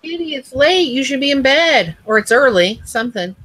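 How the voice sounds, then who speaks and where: A squeaky, scolding woman's voice, put on by a man as a joke. It sits very high and sounds bright and sharp. It is mock-fussy, like someone nagging a friend to get to bed. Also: animated, moderate pace, exaggerated voice.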